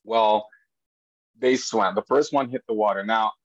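Animated dad telling stories, dull dry recording. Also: male voice, measured pace, no echo. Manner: animated storyteller, voice jumps high for quoted lines. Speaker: podcast guest. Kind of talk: storytelling in a podcast interview.

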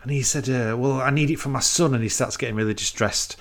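Casual male co-host, middle pitch, loose rambling retelling with put-on character lines. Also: fast. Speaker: podcast co-host. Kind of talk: casual film recap chat.

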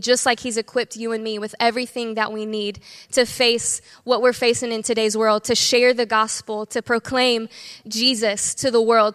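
Woman church leader, storytelling on stage, slightly high voice, big reverberant room. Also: fairly bright tone, clean tone. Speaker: kids ministry director. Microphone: stage microphone. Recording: long hall reverb.

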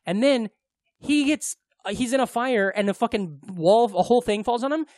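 A man's voice: very high voice, lively intonation, moderate pace, a little mellow, no echo. A man co-hosting a podcast in casual chat, rambling and swearing freely. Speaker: podcast co-host.

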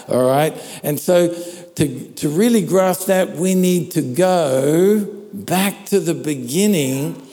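Slow, mellow-voiced male preacher in a hall. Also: on the high side. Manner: conversational, checks in with "all right?". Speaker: pastor. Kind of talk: sermon. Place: church hall. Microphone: handheld or stand microphone. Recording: long reverb of a large hall.

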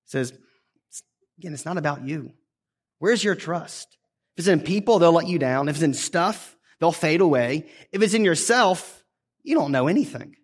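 A man's voice: a little high, animated, normal speed. A man preaching a sermon in a conversational, earnest way, dropping his voice when he quotes scripture.

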